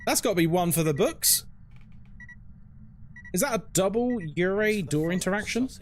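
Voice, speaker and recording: A young man streams a game live and chats loosely with viewers. His voice sits a little high and swings widely in pitch as he reacts. The talk is relaxed and conversational. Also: normal speed, slight background noise. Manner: chatty, reads chat aloud and reacts to the game. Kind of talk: casual live-stream chat while gaming.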